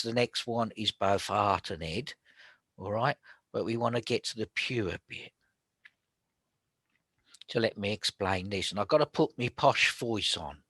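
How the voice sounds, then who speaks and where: A man teaching about spiritual healing in a chatty, colloquial way, often dropping to a hushed whisper. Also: on the low side, dry recording. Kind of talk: casual spoken teaching.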